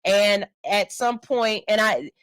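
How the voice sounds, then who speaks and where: A middle-aged woman hosts a casual talk radio show, her pitch sitting in a middle range. She speaks candidly about personal matters and reads listener comments aloud. The studio sound is dry and close. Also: animated, slow pace, clear, resonant tone, dry recording, poor audio.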